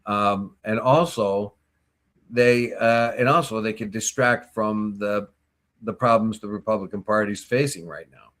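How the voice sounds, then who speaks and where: A man co-hosting a morning talk show, telling stories and giving opinions in a casual, animated way. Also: fairly low pitch, a little slow. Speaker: co-host. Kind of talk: casual chat.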